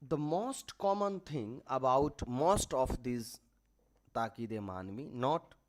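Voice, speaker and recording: A male teacher with a South Asian English accent lectures on grammar at an unhurried pace. He talks at a middle pitch and explains step by step, restating key terms so students can follow. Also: lively intonation. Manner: slow, explanatory, repeats terms for emphasis.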